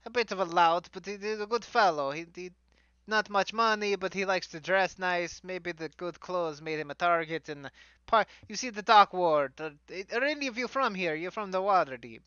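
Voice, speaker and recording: A man voicing a fussy male travel writer who speaks in halting, broken phrasing with a bad fake Italian accent, in a tabletop game. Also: high-pitched, bright, forceful tone, clean tone, no echo, dull audio. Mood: confiding.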